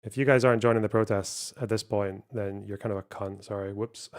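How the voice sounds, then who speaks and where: A man's voice: lowish voice, normal speed, darkish tone. A man, a streamer reading donation messages aloud and answering them in casual, profane, sarcastic chat.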